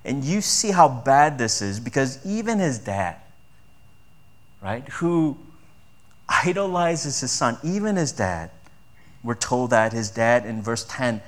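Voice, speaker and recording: Male pastor, slightly higher voice, chatty sermon delivery with rhetorical questions. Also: lively intonation, measured pace, fairly bright tone. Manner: conversational preaching with rhetorical questions.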